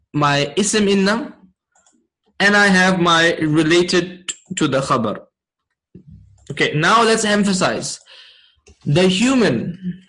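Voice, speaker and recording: A man teaching a class, explaining slowly and checking in with his students often. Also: sits high, pushed and bright, low-quality recording. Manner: slow, deliberate explaining. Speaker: Arabic grammar teacher.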